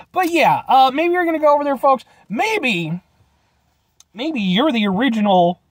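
A man's voice: high-pitched, no echo. A man rambling in a jokey, chatty way as he reviews a drink and signs off his show. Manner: chatty, rambling and jokey with goofy sign-offs. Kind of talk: rambling casual review vlog.

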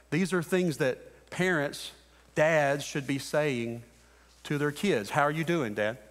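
A man's voice: fairly high pitch, fairly bright tone. A man in his thirties delivers a sermon from the pulpit in an earnest, exhorting way. He drives his points home by repeating short phrases. His voice carries a long church reverb. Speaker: pastor. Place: church sanctuary.

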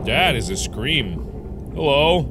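A man's voice: fairly high pitch, big pitch swings, takes it slowly, background noise. A man in his twenties hosting a let's play, talking jokily to the game's creatures, swearing and yelping when startled. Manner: jokey, swears a lot, yelps in surprise, chats to game creatures. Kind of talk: excitable gameplay commentary.

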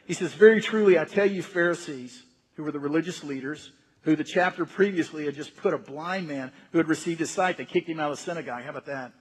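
A man's voice: fairly high pitch, fast, husky. A man preaching a sermon as senior pastor, emphatic and repeating words to drive his points home. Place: church sanctuary. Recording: reverberant church hall.

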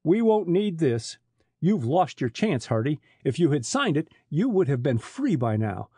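A man voicing a sneering, surly chief smuggler in an audiobook, with a husky voice. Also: a little high, big pitch swings, a little slow, mellow, no echo, studio quality, heavily acted.

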